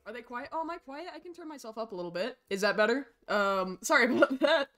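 Excitable girl streamer chatting w/ chat, high squeaky voice, swears a lot. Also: quick pace. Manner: excitable, squeals and gasps at cute animals, swears casually, reads chat aloud. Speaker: Twitch streamer. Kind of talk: casual gaming livestream chat.

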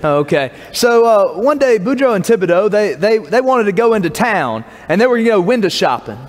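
A man's voice: high-pitched, very animated, a little fast, long reverb tail. A man, a pastor telling a joke and giving announcements in a folksy, casual way from the pulpit of a church. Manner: folksy, casual storytelling with filler words. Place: church sanctuary.

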